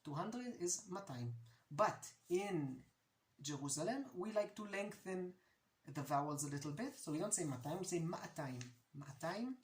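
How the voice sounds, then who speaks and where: A woman from Israel with an Israeli accent, casually teaching words and repeating each one slowly so the pronunciation is clear. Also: lowish voice, animated, echoey room. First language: Hebrew. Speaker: language teacher. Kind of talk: casual video lesson.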